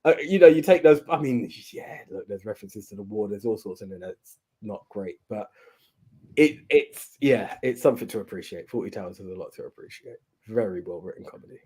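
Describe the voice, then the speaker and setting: A man's voice: fairly low pitch, expressive, brisk, darkish tone, slightly rough. A man co-hosting a podcast, talking earnestly and at length, often repeating and restarting his phrases. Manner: earnest, rambling, repeats himself. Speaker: podcast co-host. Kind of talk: casual podcast chat.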